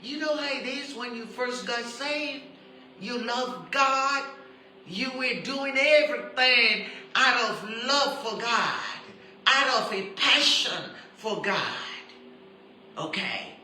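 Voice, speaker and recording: A woman preaching a sermon who stresses her points by repeating them and turns soft and intimate when she appeals to her listeners. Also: fairly high pitch, slow pace, echoey room, a little hiss or hum, low-quality recording. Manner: emphatic, repeats key phrases for stress.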